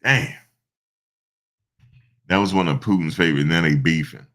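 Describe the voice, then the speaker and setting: A man giving casual, slangy reaction commentary, animated and repeating himself, often breaking into laughter. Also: a bass voice, normal speed. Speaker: online commentator.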